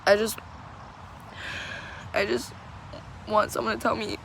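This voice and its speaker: A teenage girl pours out her feelings in a slow, unhurried confessional, pausing often to find her words. Her voice sits in a gravelly vocal fry, with a faint hiss of noise behind it. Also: medium pitch, level tone, poor audio. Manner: halting, searching for words, tearful. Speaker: vlogger. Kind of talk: emotional personal confession.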